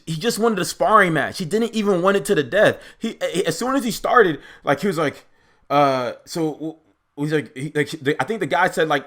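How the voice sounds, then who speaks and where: A man's voice: fairly high pitch, a bit bright. A young man giving casual, unscripted commentary as an anime reaction host, rambling and argumentative with lots of filler words.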